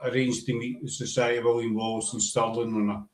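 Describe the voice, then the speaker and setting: A man's voice: medium pitch, level tone, fast, roomy sound. A Scottish man hosting a show, chatting casually and rambling a little. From Scotland. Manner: chatty, rambling, uses "aye" and "wee". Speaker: podcast host. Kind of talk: casual chat.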